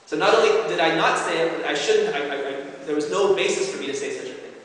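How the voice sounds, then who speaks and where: A man's voice: fairly high pitch, fast, fairly bright tone, recorded from a distance. A man giving an earnest, explanatory religious lecture to a congregation, often checking in with his listeners. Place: large hall at an Islamic center. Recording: very echoey hall with long reverb.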